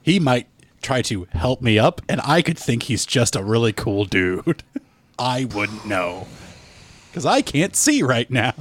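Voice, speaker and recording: Lively joking man at the gaming table. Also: medium pitch, measured pace, slight background noise. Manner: joking, profane. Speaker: player. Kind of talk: casual tabletop game chat.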